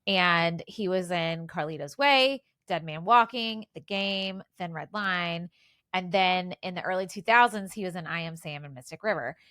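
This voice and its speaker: A woman's voice: on the low side, normal speed, a bit bright, no echo, clean studio sound. A woman in her forties co-hosting a casual podcast, chatting through film trivia with lots of fillers. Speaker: podcast co-host. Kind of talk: casual chat.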